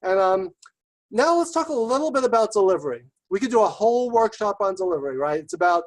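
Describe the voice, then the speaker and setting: Fast-talking high-voiced man presenting. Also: animated, rough recording. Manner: fast-talking, enthusiastic, rhetorical "right?" checks. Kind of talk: webinar presentation. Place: remote webinar.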